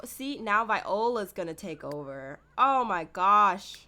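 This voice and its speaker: A woman's voice: mid-range voice, expressive, a little slow, sharp tone. A woman giving casual, chatty commentary over her gameplay, giggling and talking straight to her viewers. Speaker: gameplay video host.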